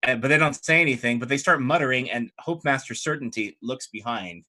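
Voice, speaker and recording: A man runs a tabletop game and narrates the scene in a relaxed, descriptive way. His voice is bright. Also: medium pitch, brisk. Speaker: game master.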